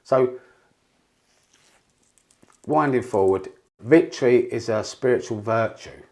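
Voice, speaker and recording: A man's voice: mid-range voice, slow, darkish tone. A man, a podcast guest, telling rambling, candid stories with frequent swearing and restarts. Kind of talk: candid storytelling interview.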